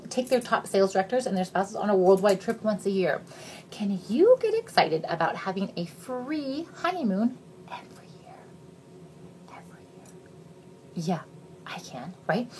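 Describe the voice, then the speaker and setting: A woman in her thirties giving a casual, chatty sales pitch straight to her viewers, bubbly and jokey. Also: slight background noise. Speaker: direct sales consultant.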